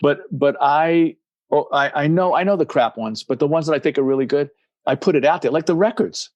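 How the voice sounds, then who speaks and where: A man's voice: on the high side, brisk, a little mellow, no room sound, muffled recording. A man in his sixties, a guest in a casual interview, talking in rambling runs and acting out voices in his anecdotes. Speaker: guest, musician and recovery coach.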